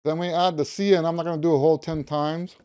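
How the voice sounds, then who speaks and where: Talking fast in a fairly high, level, clean voice with a slightly mellow quality, a fifty-something music teacher explains a practice method to camera. He emphasizes and repeats key words and hums note syllables along the way.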